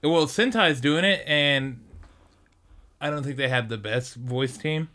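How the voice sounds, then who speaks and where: A young man co-hosting a podcast in casual chat, giving relaxed, brief replies. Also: medium pitch, a little slow. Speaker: podcast co-host.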